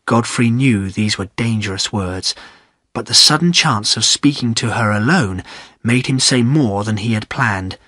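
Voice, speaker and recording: A man's voice: on the low side, a little slow, pushed and bright, dry recording, clean studio sound. Man reading a story steadily. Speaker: narrator. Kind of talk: graded reader audiobook narration.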